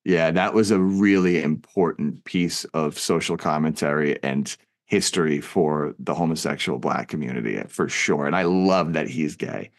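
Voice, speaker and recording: A man's voice: moderate pace, few pauses. A man co-hosting a film podcast, talking casually and reflectively about a movie and his own past. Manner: reflective, acts out quoted lines with big pitch jumps.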